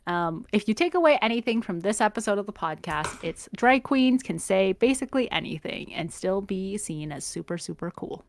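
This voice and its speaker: A woman's voice: medium pitch, animated, moderate pace, vocal fry, hardly any pauses. A young woman co-hosting a podcast, chatting casually with lots of fillers and self-corrections. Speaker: podcast co-host. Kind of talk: casual chat.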